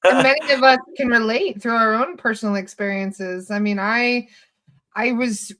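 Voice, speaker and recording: A woman's voice: a little high, moderate pace, pushed and bright. A woman hosting a conversation, affirming and reassuring toward her guest. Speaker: host. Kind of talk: supportive conversation.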